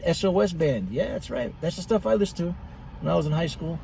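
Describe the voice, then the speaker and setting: A man's voice: on the high side, animated, fairly quick, vocal fry, mellow, slight background noise, rough recording. A middle-aged man reviewing cigars in a blunt, profane, rambling monologue.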